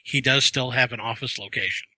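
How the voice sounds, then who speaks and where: A man co-hosting a podcast, deadpan and pedantic in casual chat. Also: medium pitch, brisk, no echo.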